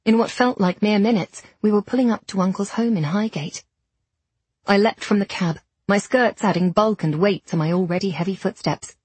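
A woman narrating an audiobook in first person, with steady storytelling and period diction. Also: mid-range voice, normal speed, slightly rough, no room sound.

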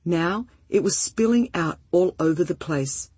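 A woman reading a first-person story aloud in a gentle, heartfelt and measured way, with a breathy voice. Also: fairly low pitch, animated, no echo. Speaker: narrator.

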